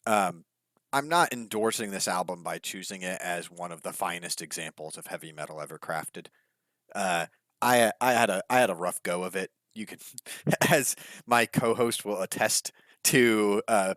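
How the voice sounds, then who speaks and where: A man's voice: low voice, a bit bright, no room sound. A man co-hosting a podcast, talking through an album review in a rambling, hedging way with lots of fillers. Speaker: podcast co-host. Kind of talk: casual music review chat.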